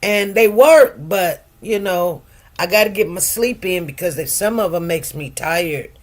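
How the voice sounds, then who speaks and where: A woman's voice: lowish voice, animated, measured pace. A woman in her fifties hosting a livestream, chatting casually with viewers in a rambling, laughing way. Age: 50s. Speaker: livestream host.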